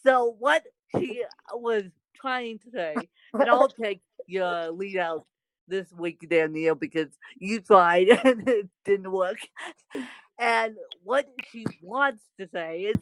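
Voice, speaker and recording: A woman's voice: mid-range voice, slow pace, a bit bright, no echo, rough recording. A woman hosting a podcast in casual chat, rambling and repeating herself with frequent laughs. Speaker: podcast host.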